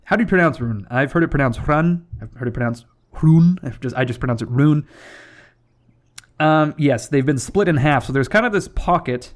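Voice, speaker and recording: A man's voice: medium pitch, animated, brisk. A young man hosting a strategy game playthrough, talking casually as he rambles, swears and corrects himself. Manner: rambling and profane, with self-corrections. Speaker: gaming channel host.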